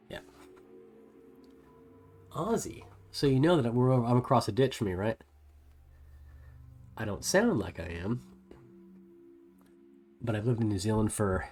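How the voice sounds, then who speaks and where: An easygoing man with a soft US West Coast American accent, casually talking to his livestream viewers as he paints. His voice sits on the low side. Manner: easygoing, chatting to viewers while working. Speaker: livestream host.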